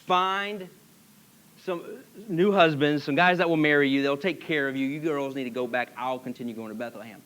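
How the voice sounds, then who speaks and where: A man voicing a weary grieving older widow, speaking softly and low. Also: normal speed, close to an everyday voice. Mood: resigned.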